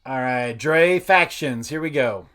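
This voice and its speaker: A man's voice: mid-range voice, a little slow, fairly bright tone, faint music behind. A man hosting a casual podcast trivia game, upbeat and laughing often. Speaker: game show host.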